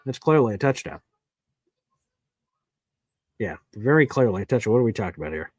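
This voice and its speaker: A man hosting a live sports watch party, giving emotional play-by-play that swings from nervous muttering to loud cheering. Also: medium pitch, dry recording.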